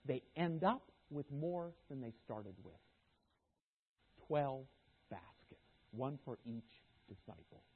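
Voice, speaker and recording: A man preaching a sermon as guest speaker, animated, sometimes voicing the disciples' objections. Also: mid-range voice, takes it slowly, husky. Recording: tinny phone-like sermon recording.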